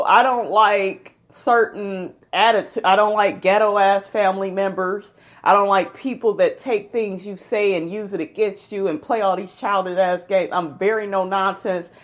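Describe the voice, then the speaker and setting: A woman giving a casual recap of a reality TV episode, blunt and profane, talking straight to her viewers. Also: mid-range voice. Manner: chatty, addresses viewers directly.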